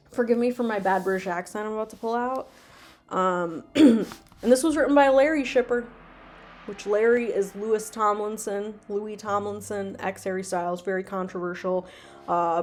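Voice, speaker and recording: A woman's voice: medium pitch, darkish tone. A young woman hosting a casual, comedic video, rambling with lots of ums and ironic asides. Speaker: video host reading fan fiction.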